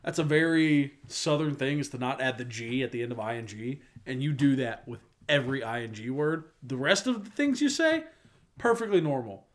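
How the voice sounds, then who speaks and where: A man's voice: medium pitch, lively intonation. A young man co-hosting a casual sports podcast, playful and teasing. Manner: playful, teasing, quick to laugh. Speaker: podcast co-host.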